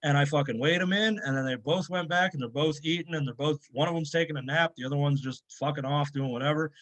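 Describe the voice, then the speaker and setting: A man who is a powerlifter and strength coach, telling a story in a casual interview, swearing constantly and animated. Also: on the high side, quick pace.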